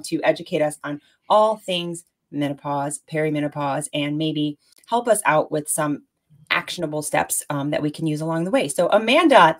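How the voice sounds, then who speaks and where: This is a woman in her forties hosting a relaxed podcast chat. She sounds bubbly and effusive, dotting her talk with "um" and "uh." Her voice sits a little lower than most women's. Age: 40s. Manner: bubbly, effusive, many fillers. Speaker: podcast host. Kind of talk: casual podcast interview.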